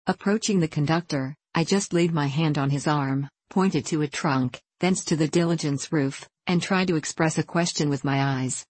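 Low-voiced woman reading a classic novel. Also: moderate pace, hardly any pauses, darkish tone, breathy edge, no room sound, rough recording. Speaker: audiobook narrator. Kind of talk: scripted narration of a classic novel.

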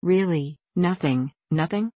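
A woman's voice: lowish voice, a little slow, mellow, no room sound. A woman reading the part of a hungry, complaining wooden puppet boy in an audiobook. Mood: whining. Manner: pleading, complaining. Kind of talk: audiobook character voice.

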